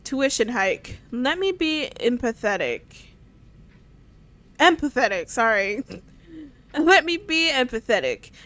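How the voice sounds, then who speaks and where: A woman's voice: high-pitched, sing-song, slow, pauses often, fairly bright tone. A woman gaming streamer giving casual commentary, giggling, stumbling over words as she reads aloud, and swearing casually. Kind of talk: casual let's-play commentary.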